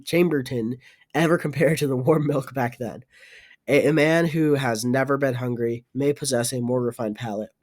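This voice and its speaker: A man reads a novel aloud in an unpolished, halting way, often pausing and restarting words. His voice sits in an ordinary middle range. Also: mid-range voice, a little mellow. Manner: halting reading with fillers and restarts. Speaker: audiobook reader. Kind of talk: audiobook narration.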